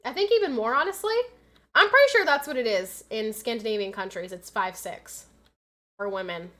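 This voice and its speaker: Young american woman gaming on stream, chatty, bright sharp voice, a bit high. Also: animated, normal speed. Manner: chatty, reads chat aloud, gets loud and frantic in fights. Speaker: game streamer. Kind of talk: casual live-stream chat while gaming.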